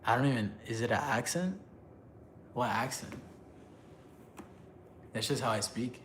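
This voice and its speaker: On a live stream, a man with a mid-range, expressive, slightly bright voice reads the chat aloud in a relaxed, joking way and laughs a lot. His speech turns halting as he moves between languages, over light background noise.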